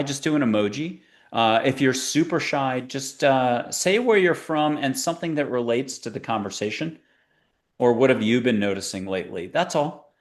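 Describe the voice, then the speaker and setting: A male talk-show host speaking in a lively, rambling way. His pitch swings up and down as he hops from one idea to the next in casual chat. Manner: rambling, animated, jumps between ideas. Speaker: podcast host.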